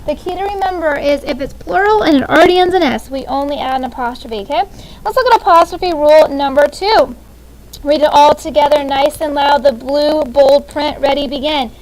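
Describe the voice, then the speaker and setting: High-voiced upbeat woman teacher. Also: fairly quick, darkish tone, poor audio. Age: 30s. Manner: upbeat, checks in with "okay?" often. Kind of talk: classroom grammar lesson. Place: classroom.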